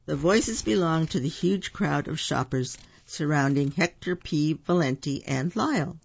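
A gravelly, unhurried voice reading a picture book aloud, stopping now and then for asides about the pictures. The recording sounds dull and lo-fi. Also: mid-range voice, animated. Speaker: storybook reader.

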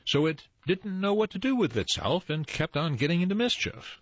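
A man telling tall tales and explaining word origins in an expressive, lively storytelling manner. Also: fairly high pitch, moderate pace, dry recording. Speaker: storyteller and co-host. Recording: dull lo-fi recording, dry.

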